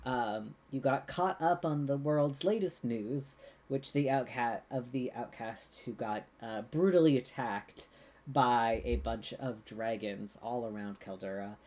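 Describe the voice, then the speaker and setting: A man's voice: medium pitch, a little slow, darkish tone. A man narrating as game master of a tabletop game on a live stream, rambling with frequent ums and restarts and laughing easily.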